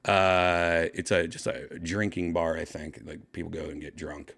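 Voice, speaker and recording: A man hosting a podcast, casually telling a story with excitement and swearing, acting out his own shouts. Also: deep voice, unhurried, creaky. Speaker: podcast host.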